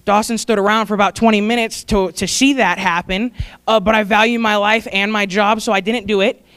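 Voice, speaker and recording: A woman's voice: medium pitch, fairly even intonation, a little fast, fairly bright tone. A young woman giving a heartfelt, rambling tribute at a church service, laughing and fighting back tears. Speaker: church staff speaker honoring graduates.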